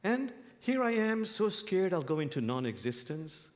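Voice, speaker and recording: A man, an imam giving a guest sermon, telling humorous stories in a playful, animated way. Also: high-pitched, moderate pace. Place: spiritual center sanctuary. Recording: long hall reverb.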